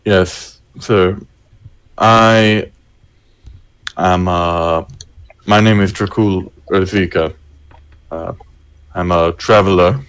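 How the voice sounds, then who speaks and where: A man's voice: sits low, fairly even intonation, very slow, long pauses, a bit bright, smooth, full character voice. A man voicing a gaunt, unsmiling male traveler in a tabletop game, speaking politely and formally with some hesitation.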